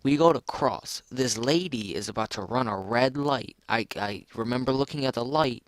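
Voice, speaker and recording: A man's voice: mid-range voice, normal speed, dry recording. A teenage boy telling a personal story in a rambling, casual way, full of restarts. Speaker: vlogger.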